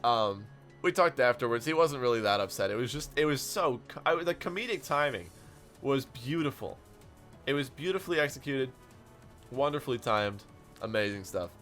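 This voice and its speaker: A young man streaming a game, telling stories in an animated way and chatting to his viewers. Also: medium pitch, faint music behind. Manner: animated storytelling, quick asides to chat. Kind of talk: casual stream commentary while playing.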